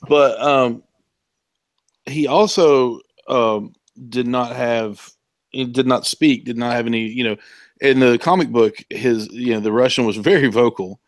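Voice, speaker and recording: A man's voice: mid-range voice, measured pace, no room sound. A man co-hosting a comics podcast in casual chat, rambling with many fillers and restarts. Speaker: podcast co-host.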